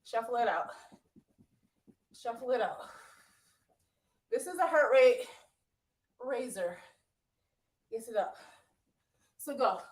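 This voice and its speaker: A high-voiced woman leads a workout, puffing as she cheers her class on and counts down the seconds. She speaks from well back from the mic in an echoey room. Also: lively intonation, takes it slowly, pauses often, recorded from a distance. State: out of breath. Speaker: fitness instructor. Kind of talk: live workout coaching.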